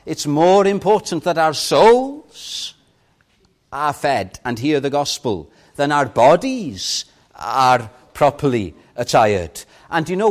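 An older man preaching slowly and deliberately. His pitch runs fairly high and moves a lot, swelling with fervor on key phrases and falling to near-whispers. He delivers it as a heartfelt sermon. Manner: impassioned preaching, swelling and dropping for emphasis.

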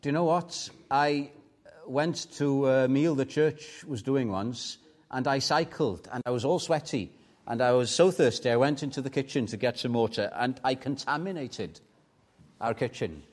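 A man preaching a sermon in church with fervent emphasis, swinging from soft asides to loud, emphatic peaks. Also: mid-range voice, moderate pace. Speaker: pastor.

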